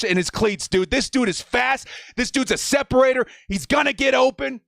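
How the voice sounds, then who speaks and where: A man hosting a live-stream watch party, over-excited, shouting and repeating himself, breathless and shaking with excitement. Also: very high voice, normal speed, vocal fry, hardly any pauses.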